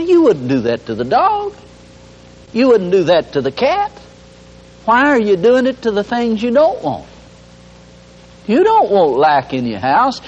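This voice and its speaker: A man preaching a radio sermon, folksy and homespun, with emphatic rising calls. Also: high-pitched. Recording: dull lo-fi broadcast audio.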